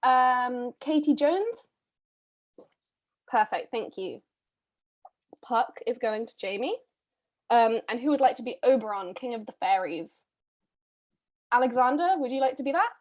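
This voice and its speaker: A woman's voice: on the high side, expressive. Chatty woman casting readers. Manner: chatty, brisk, with frequent ums and little laughs. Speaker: read-a-thon host casting readers. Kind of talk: casual live-stream casting call.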